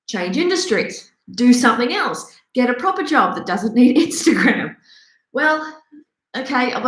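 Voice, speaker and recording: A woman delivers a sardonic commentary monologue, mocking herself as readily as her subject. Her voice sits at a middling pitch, and the recording carries a noticeable room echo. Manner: sarcastic, self-deprecating, ranty. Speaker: host. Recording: roomy echo.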